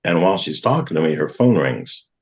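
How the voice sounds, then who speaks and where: A man's voice: very deep voice, sing-song, fairly quick. A middle-aged man, a guest on a talk show, earnestly telling a personal testimony and acting out what others said. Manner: earnest, vivid retelling with acted-out quotes.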